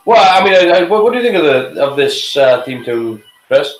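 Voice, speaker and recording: Brief: man host, slightly raised voice, halting, opinionated chat, echoey room. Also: a little high, very animated. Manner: hesitant, opinionated, many restarts. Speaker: show host reviewing TV. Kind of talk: casual live reaction chat.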